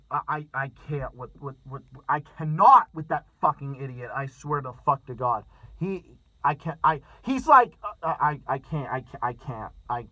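Man, angry profane political rant, stammering, high-pitched voice, dry close sound. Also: sharp tone, dry recording, lo-fi sound. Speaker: political commentator. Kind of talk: ranting commentary vlog.

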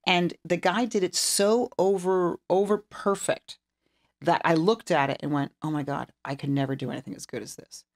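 In an interview, a middle-aged woman who works as an interior designer recounts stories and acts out the conversations in them with energy. She speaks on the low side at a moderate pace.

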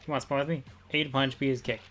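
Excitable male gaming streamer. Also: medium pitch, quick pace, soft background music. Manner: excitable, repeats phrases, swears freely. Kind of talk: casual gameplay commentary.

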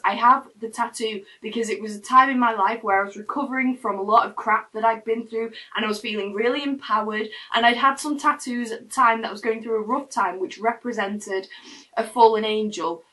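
Chatty woman with a bright voice. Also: fairly high pitch, distant mic, rough recording. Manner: rambling, chatty, restarts often. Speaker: vlogger. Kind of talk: casual personal storytelling to camera. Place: her room. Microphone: camera mic.

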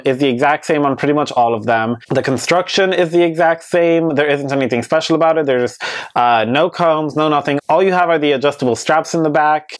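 A man giving a casual, candid review on his vlog, chatty and hedging with many fillers, with playfully sassy asides. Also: a little high. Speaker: beauty vlogger reviewing wigs. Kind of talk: casual product review chat.

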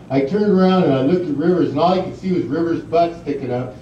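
A man's voice: on the high side, fast, slight background noise. A middle-aged man giving a speech full of rambling anecdotes, with many fillers, laughing at his own stories. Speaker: guest speaker at an induction ceremony. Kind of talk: storytelling speech. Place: large banquet hall. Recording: distant, muffled, echoey hall recording.

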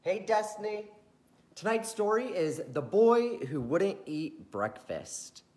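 Friendly live bedtime storyteller, slow, very lively pitch, echoey room. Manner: friendly greetings to viewers, sing-song storytelling. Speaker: host reading a children's bedtime story.

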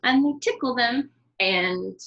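A woman leading a children's storytime, singing and signing in a slow, encouraging sing-song. Her voice sits fairly high, and the room rings with echo. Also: creaky, a bit bright, muffled recording. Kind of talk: storytime with songs and baby sign language.

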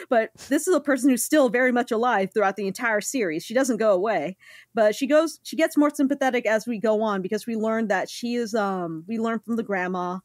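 A woman's voice: on the high side, fairly quick, no room sound, clean studio sound. A woman in casual podcast chat, talking earnestly and acting out lines from the story she discusses. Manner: earnest, animated, acts out quotes. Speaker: manga podcast co-host.

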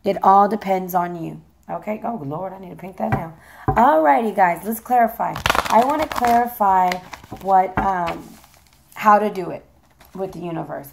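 A hoarse woman giving a chatty, playful tarot reading, swearing casually as she talks. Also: medium pitch, moderate pace, very noisy. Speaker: tarot reader.

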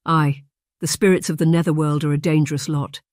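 A narrator voicing a kindly, soft-spoken older aunt from Yorkshire who talks in a hushed, gentle way, in an audiobook romance. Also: medium pitch, flat delivery, a little fast, no room sound, studio quality, close to an everyday voice. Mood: hushed warning.

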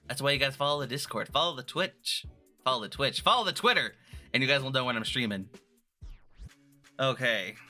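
Bright, playful male streamer. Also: mid-range voice. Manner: chatty and playful, rambling with restarts. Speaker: vtuber streamer. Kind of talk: casual live-stream chat.

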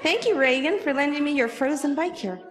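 A woman telling a lively children's story at a church program and talking directly to the kids. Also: sits high, brisk.

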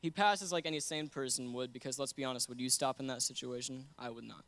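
A man's voice: mid-range voice, fast talker, fairly bright tone. A young man giving an earnest sermon that mixes scripture with a personal story, often laughing between points. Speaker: guest preacher.

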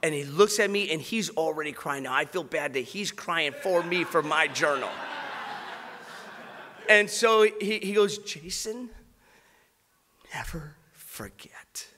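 A man with a high, very bright and piercing voice delivers a sermon. He tells a personal story, then builds to fervent preaching. A long reverb trails each phrase in the big church hall. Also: a little slow.

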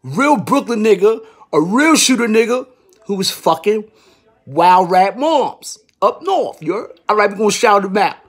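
A man telling a street story in a casual vlog, animated and full of slang, swinging from loud exclaiming to hushed muttering. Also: high voice, measured pace, husky.

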